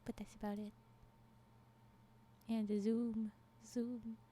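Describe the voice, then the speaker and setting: A woman's voice: fairly high pitch, flat delivery, slow pace, warm tone. A woman streamer chatting casually and reading a story aloud, giggling often and breaking into exclamations. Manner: giggly, exclamatory reactions to chat.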